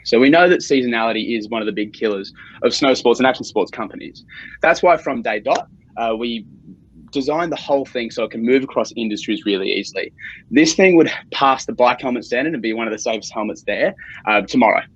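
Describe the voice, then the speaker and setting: A man with an Australian accent giving a casual, upbeat startup pitch over a video call. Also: a little fast, breathy edge, muffled recording.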